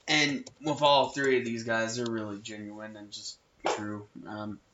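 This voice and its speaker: A man's voice: on the low side, flat delivery, measured pace, background noise. A man co-hosting a casual podcast, talking in an earnest, easygoing way. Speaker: podcast co-host. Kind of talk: casual chat. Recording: echoey room, lo-fi sound.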